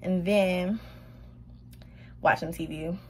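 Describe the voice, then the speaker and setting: A woman's voice: fairly low pitch, fairly even intonation, takes it slowly, darkish tone, husky. A young woman vlogging casually to the camera, chatty and laughing, out of breath after a long walk. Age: young adult. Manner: chatty, laughs often, says y'all a lot. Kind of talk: casual vlog chat to camera.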